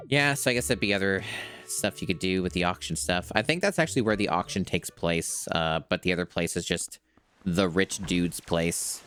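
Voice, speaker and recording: A man's voice: sits low, moderate pace, a bit bright, soft background music. A man streaming a video game, musing aloud in a rambling, casual let's-play commentary.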